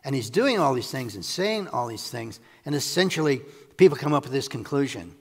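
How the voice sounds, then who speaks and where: A man delivers a sermon with a gravelly, husky voice that swings widely up and down as he gets animated. He laughs easily between points. His voice rings with the long echo of a large hall. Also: mid-range voice, fairly quick. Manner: animated, acts out scripture quotes, laughs often. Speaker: preacher.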